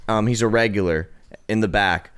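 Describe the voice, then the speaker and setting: A man's voice: fairly low pitch, moderate pace, a bit bright, smooth. A young man, a podcast guest, rambling through a casual anecdote with lots of restarts. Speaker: podcast guest, cigar lounge manager. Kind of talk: casual storytelling chat.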